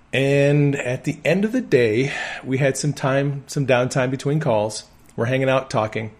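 A man who works on an ambulance, preaching a sermon and telling personal healing testimonies with earnest conviction. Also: mid-range voice. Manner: earnest storytelling with firm conviction.

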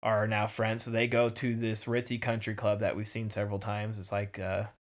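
A man's voice: on the low side, monotone. A man in casual chat recapping a TV episode, rambling with lots of fillers and acting out characters' lines. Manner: rambling, filler-heavy, acts out characters' lines in quick voices. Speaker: podcast co-host.

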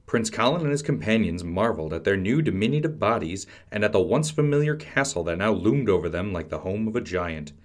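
A man hosting a podcast, reading a fantasy storybook aloud in a measured, dramatic way. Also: on the low side, animated. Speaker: podcast host and storybook narrator. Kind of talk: scripted storybook narration.

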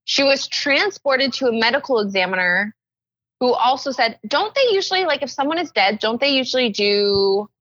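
A woman's voice: on the high side, moderate pace, fairly bright tone, no room sound. Woman, podcast co-host, casual rambling chat, lots of "like", dull lo-fi recording, dry sound. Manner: rambling, leans heavily on "like".

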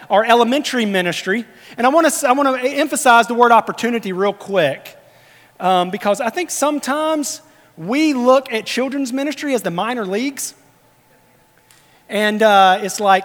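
A male pastor preaching a sermon, animated, swinging between loud emphasis and hushed, quiet storytelling. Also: very high-pitched, normal speed. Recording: long hall reverb.

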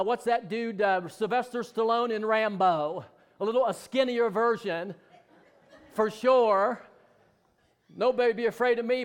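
A man preaching a sermon with fervor, building up to loud declarations and dropping into joking asides. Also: extremely high pitch, smooth.

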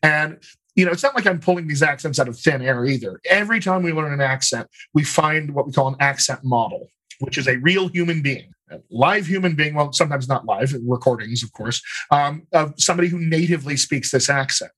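A man who works as a dialect coach and actor, answering interview questions in a thoughtful, explanatory way, often pausing on "you know" and restarting phrases. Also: on the high side, expressive, fairly bright tone.

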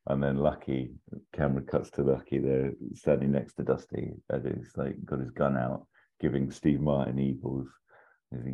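A man casually pitching a comedic film sequel scene by scene, often popping into silly high character voices. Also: little pitch movement, normal speed, creaky. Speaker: podcast co-host pitching an imagined sequel. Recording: dull lo-fi sound.

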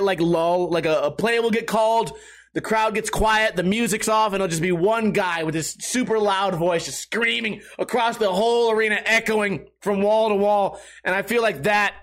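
A young man hosting a casual podcast, profane and animated, bursting into loud shouts. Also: sits high. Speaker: podcast host. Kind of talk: casual rambling chat. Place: at home.

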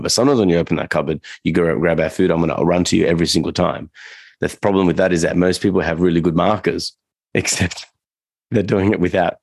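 A man with a low, gravelly voice talks through dog training on a casual podcast. His delivery is loose and rambling, full of fillers and restarts. The sound is dry and close, with no room around it. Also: a little mellow, dry recording.

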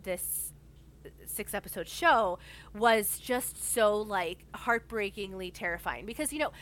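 A woman's voice: mid-range voice, lively intonation, a little slow, a bit bright. A woman talking in a casual chat. She is enthusiastic and rambling, with lots of fillers and restarts as she builds her thoughts.

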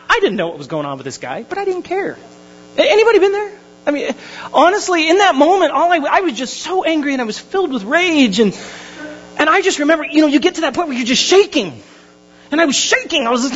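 High-voiced pastor telling a story. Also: male voice. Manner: animated storytelling, swings from hushed to loud. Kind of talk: sermon. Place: church hall. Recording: dull lo-fi sermon recording.

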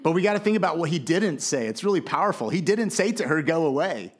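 A man's voice: high voice, lively intonation, fast talker. A man preaching a sermon in a casual, conversational way, with many fillers and restarts. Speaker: pastor.

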